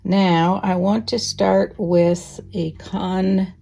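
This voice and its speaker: A woman teaching quilting in a relaxed, chatty way, thinking aloud as she sews. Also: medium pitch, slow pace, gravelly. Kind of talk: casual sewing tutorial.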